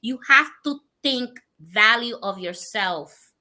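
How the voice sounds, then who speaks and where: A woman co-hosting a casual podcast chat, telling animated anecdotes and laughing often. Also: a little high, slow. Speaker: co-host.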